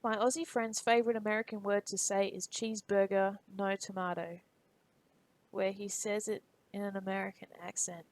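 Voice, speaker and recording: A woman streaming live while 3D modeling, muttering quietly to herself, reading tool tips aloud and chatting loosely with viewers. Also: medium pitch, flat delivery, a little fast, few pauses, low-quality recording. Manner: chats loosely with viewers in between.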